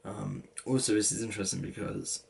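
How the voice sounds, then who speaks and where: Gravelly young English man. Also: lowish voice, fairly even intonation, fairly quick. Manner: rambling, full of "like" and restarts. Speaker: vlogger. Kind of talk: casual storytelling.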